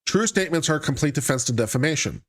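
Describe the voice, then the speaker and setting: Fairly high-pitched and animated, this man talks at a rapid-fire clip while hosting a live stream on legal matters. He reads a court filing aloud, then breaks off into dry, sarcastic commentary.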